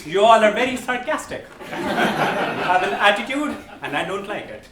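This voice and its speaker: On stage before a live audience, a man hosts a comedy game show, teasing the crowd playfully. His voice sits high and is expressive at a moderate pace, captured far from the mic with roomy echo and audience noise.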